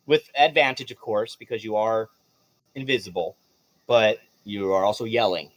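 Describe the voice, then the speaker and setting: A man's voice: fairly low pitch, normal speed, no echo. A man narrating as game master of a tabletop game, playful, laughing often and swearing casually.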